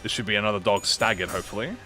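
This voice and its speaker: A man hosting a gaming channel, giving let's-play commentary while thinking out loud as he plays. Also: fairly low pitch, racing, faint music behind.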